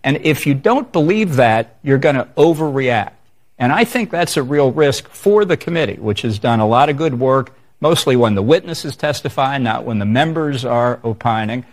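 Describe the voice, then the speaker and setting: Guy on a tv interview clip, firm and argumentative, medium pitch. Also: lively intonation. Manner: measured, assertive, argumentative. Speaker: interview guest. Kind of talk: televised interview answer.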